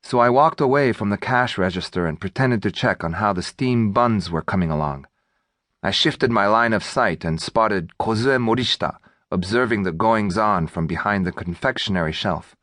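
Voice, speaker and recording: A man narrating an audiobook in a wry, expressive storytelling manner on a studio mic. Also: lowish voice, normal speed, no room sound.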